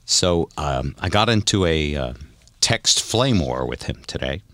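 A man's voice: extremely low pitch, animated, unhurried, a bit bright. A man hosting a casual podcast, telling stories animatedly and laughing often. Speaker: podcast host. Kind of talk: casual chat.

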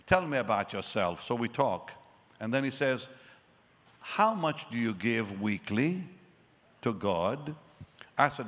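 A man's voice: mid-range voice, long reverb tail. An older man preaching a sermon, telling a personal story and acting out the dialogue with rising emphasis. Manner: animated, acts out quoted dialogue with rising emphasis. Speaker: evangelist preacher.

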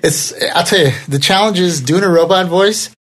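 A man's voice: sits high, normal speed. A man hosting a podcast in casual chat, upbeat and laughing often. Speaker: podcast host.

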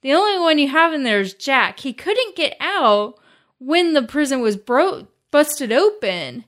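Wry woman in casual film chat, higher voice. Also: very animated, measured pace, a bit bright. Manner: wry, laughs easily, short replies. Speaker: podcast co-host.

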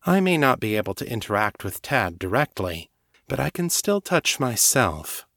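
A man narrating a first-person audiobook story in a measured, even reading. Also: mid-range voice, no echo, studio quality.

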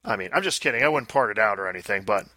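With a lowish, expressive voice and a sharp tone, this podcast co-host rambles and jokes about pinball machines, tossing in quick asides. The chat is casual and the audio has no echo.

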